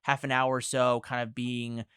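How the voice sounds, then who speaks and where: A man's voice: medium pitch, little pitch movement, normal speed, fairly bright tone, smooth, no room sound, studio quality. A young man as a podcast guest, talking in a rambling, hedging way full of filler words. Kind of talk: casual podcast chat.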